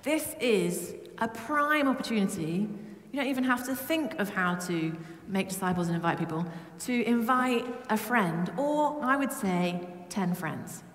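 A woman from Britain preaching a lively, humorous sermon to her church. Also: medium pitch, a little slow, hardly any pauses. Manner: humming song snippets. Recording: echoey church with long reverb.

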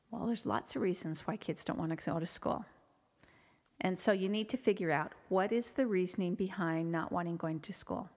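Earnest middle-aged woman in a reverberant hall. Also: lowish voice. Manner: earnest, rambling with frequent restarts. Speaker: parenting expert guest. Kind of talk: conversational advice with personal anecdotes. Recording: reverberant hall with faint music.

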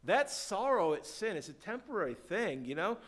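Man, pastor, church sermon, slightly high voice, calls out to the congregation, quiet prayer to loud emphasis. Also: very animated. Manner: preaches with call-and-response questions to the congregation; swings from quiet, slow prayerful passages to loud emphatic points.

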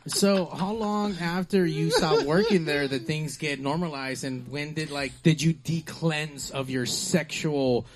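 A man's voice: on the high side, unhurried, hardly any pauses, noisy background. A man chatting on a podcast, crude and teasing, asking questions. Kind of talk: casual podcast chat.

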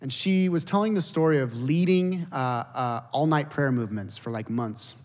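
A man preaching a sermon as a pastor, telling stories with animated emphasis and dropping to hushed, intense moments. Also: mid-range voice, normal speed. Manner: animated storytelling, shifts between loud emphasis and hushed intensity. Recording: long reverb of a large hall.

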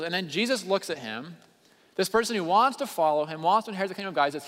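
A man's voice: sits high, lively intonation, fast. Earnest preacher man in echoing hall. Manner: earnest, builds from quiet intensity to raised emphasis. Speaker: pastor. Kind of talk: sermon. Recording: long hall reverb.

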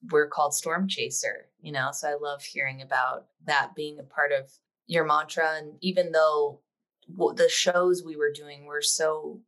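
A woman's voice: low voice, a bit bright. A woman co-hosting an interview podcast, talking in an effusive, enthusiastic way. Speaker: podcast co-host. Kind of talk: casual interview chat.

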